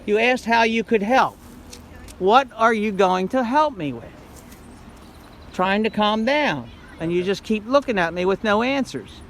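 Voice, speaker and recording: A man's voice: sits high, expressive, unhurried, fairly bright tone, a little hiss or hum. An older man filming on his phone outdoors, upset and insistent, speaking in a raised voice during a heated confrontation. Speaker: grandfather filming police. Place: outdoors at a house beside a street. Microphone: handheld phone.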